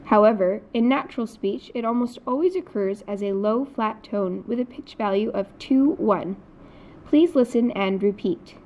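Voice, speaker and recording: A woman's voice: on the high side, normal speed, a little mellow. A woman teaching a recorded Mandarin lesson, explaining patiently in scripted narration. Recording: dull lo-fi recording.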